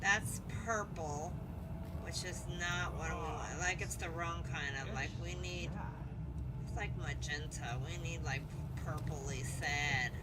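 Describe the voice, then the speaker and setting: Over game music and heavy background noise, a woman with a low voice speaks slowly while streaming a video game. Her casual commentary is playful, full of swearing and muttered asides.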